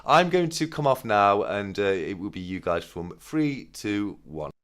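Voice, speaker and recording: A man's voice: on the low side, very animated, unhurried, fairly bright tone. A man organizing a live stream who jokes and hesitates, with many fillers, as he hands over. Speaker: event organizer. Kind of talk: casual livestream chat.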